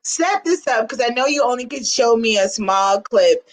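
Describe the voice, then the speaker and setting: A woman hosting a casual interview, playful and quick to laugh. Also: on the high side, rough recording. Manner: lively and playful, laughs often. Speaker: host.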